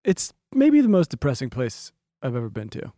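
A man's voice: mid-range voice, huge pitch swings, moderate pace, mellow, no echo, clean studio sound. A man co-hosting a podcast, telling rambling stories in casual chat and swearing freely. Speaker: podcast co-host.

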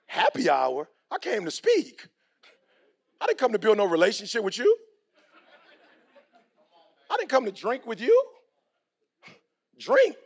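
A man's voice: high voice, vocal fry, slightly rough. A middle-aged man giving a motivational speech in a preachy, slangy way, acting out the people he quotes. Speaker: motivational speaker.

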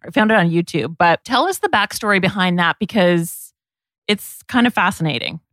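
A woman co-hosting a podcast, joking and talking quickly in a chatty way. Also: fairly low pitch, fairly bright tone, dry recording. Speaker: podcast co-host. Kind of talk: casual interview chat.

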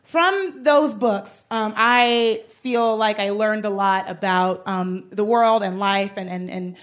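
A young adult woman host telling a rambling comic story, excitable and laughing through it. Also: medium pitch, a little slow. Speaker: podcast host. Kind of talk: comedic storytelling.

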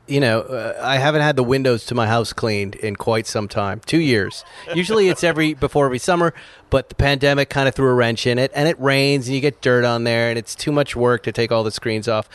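A man's voice: mid-range voice, smooth, no room sound. A man hosting a talk show, telling a long casual story with laughs and acting out the people in it. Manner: animated, laughing, acts out quoted voices. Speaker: host.

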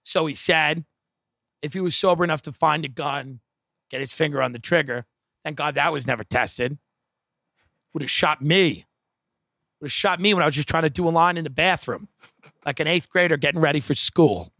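A man's voice: fairly high pitch, moderate pace, vocal fry, long pauses, bright, forceful tone, no room sound, clean studio sound. A man doing stand-up, telling a rambling story in a wry, profane way with many asides. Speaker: comedian.

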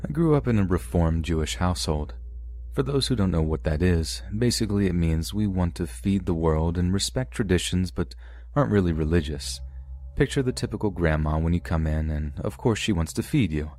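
A man narrating submitted first-person true horror stories for a podcast in a steady, measured reading. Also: low voice.

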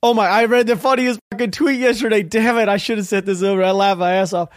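A man's voice: high voice, fairly even intonation, quick pace, no room sound, studio quality. A man hosting a solo political podcast, ranting and sarcastic, swearing freely and laughing at the news. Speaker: podcast host.

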